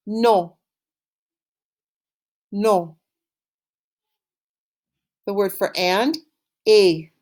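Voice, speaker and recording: A woman teaching an online French lesson, saying words slowly and clearly for pupils to repeat and praising them warmly. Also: medium pitch. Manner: encouraging, upbeat praise. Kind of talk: recorded online language lesson.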